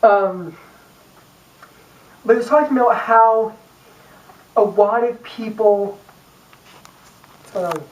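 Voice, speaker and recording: A woman's voice: medium pitch, slow, pauses often, a little mellow, slight background noise. A young woman vlogging casually to camera, rambling and chatty with lots of fillers and little jokes. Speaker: YouTube vlogger. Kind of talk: casual talk to camera about a book. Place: room, filmed by a camera person. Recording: echoey room from far off.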